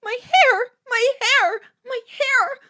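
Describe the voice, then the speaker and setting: A woman's voice: takes it slowly, bright, forceful tone, heavily acted. A woman voicing a hysterical teenage girl who shrieks and sobs. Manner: shrill and screaming.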